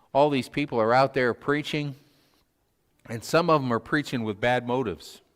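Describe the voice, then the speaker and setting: A man's voice: mid-range voice, big-room sound. A man preaching a casual, folksy sermon in a church, peppered with fillers and little chuckles. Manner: folksy, self-deprecating, frequent fillers and chuckles. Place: church sanctuary.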